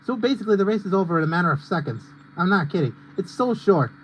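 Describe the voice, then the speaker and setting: A man's voice: high voice, animated, quick pace, slight background noise, rough recording. A young man streaming a racing game, rambling and ranting in casual commentary with lots of fillers. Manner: rambling and ranty, heavy on fillers.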